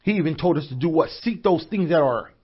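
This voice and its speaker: A man with a high voice preaches a sermon, calling out to his congregation for answers and building into shouts. The recording is dull and lo-fi. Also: expressive, fast talker, husky, soft background music. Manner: call-and-response preaching, rising to shouts. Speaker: pastor.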